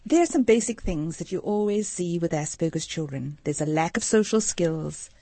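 A woman's voice: on the low side, expressive, moderate pace, warm tone, no room sound. A middle-aged woman from Africa, a social worker explaining earnestly as a radio interview guest. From South Africa. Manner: earnest, explanatory, gives anecdotes.

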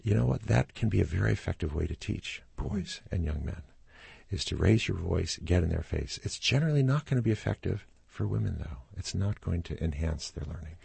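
A middle-aged man with a very low, gravelly voice and a husky edge, explaining patiently as an interview guest. He sometimes acts out quotes with a sudden raised voice. The sound is close and dry. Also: expressive, brisk, a little mellow, dry recording. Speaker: family doctor and author.

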